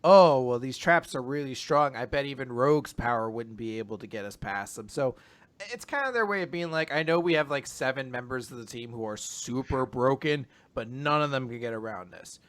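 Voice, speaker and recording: Bright-voiced young man recapping casually. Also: mid-range voice, fairly quick. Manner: rambling summaries with animated quoted voices. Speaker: podcast co-host recapping manga. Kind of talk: casual chat.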